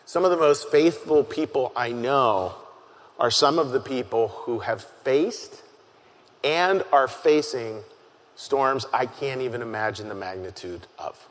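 A man preaching a sermon as pastor, earnest and halting, often repeating his key phrases for emphasis. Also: medium pitch. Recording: long hall reverb.

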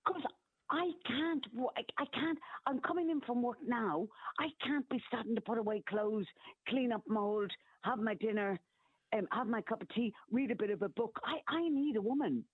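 A woman's voice: a little high, moderate pace, husky, no echo. A woman calling a radio show, blunt and exasperated, heard over a phone line. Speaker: caller. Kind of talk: phone-in chat.

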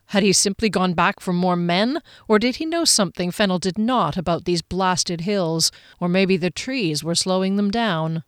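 Woman reading a fantasy audiobook, dramatic and expressive, smooth voice, dry sound. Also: fairly low pitch, no echo. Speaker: audiobook narrator. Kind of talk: scripted narration.

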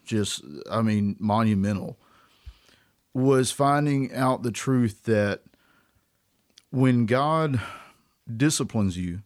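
A man's voice: mid-range voice, slow pace, pauses often, dry recording, studio quality. A man who produces a faith podcast, speaking earnestly and from the heart about his own experience. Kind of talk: casual faith discussion.

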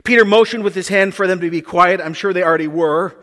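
A male pastor preaches a sermon, telling the story with animation and acting out the characters. His voice is high-pitched and a bit bright, and he talks fast. Long hall reverb surrounds the recording.

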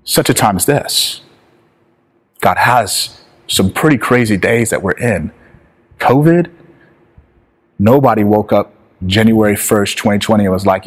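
A man preaching a sermon, emphatic, slowing down to stress key phrases. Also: on the low side. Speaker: pastor.

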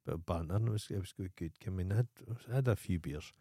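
A man's voice: deep voice, fast talker, warm tone, dry recording, studio quality. A Scottish man co-hosting a casual podcast, telling stories in a blunt, profane way. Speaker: podcast co-host.

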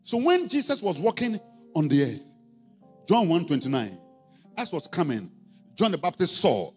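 A male pastor delivers a sermon in a high, lively voice that leaps up and down. He hammers points through repetition and climbs to shouts. His voice rings with a long hall echo over faint music. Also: normal speed. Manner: emphatic, repetitive, building to shouts.

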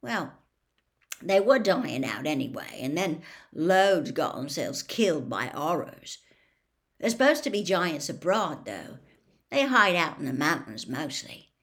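An earnest teenage wizard boy who halts and searches for his words, read by a woman. He talks slowly, at a storybook pace. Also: low voice, big pitch swings, a bit bright, heavily acted. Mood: uneasy. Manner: hesitant, stumbling for words.

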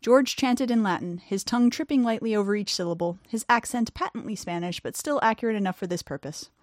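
A woman's voice: mid-range voice, brisk, no room sound, clean studio sound. A woman reading her own short fiction aloud, acting out the characters' lines and raising her voice in the tense moments.

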